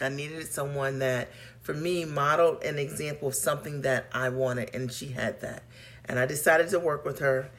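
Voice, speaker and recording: A woman's voice: sits low, bright, forceful tone. A woman business coach hosting a live broadcast, speaking in an earnest, personal and encouraging way and greeting viewers as they join. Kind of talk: motivational live-stream talk.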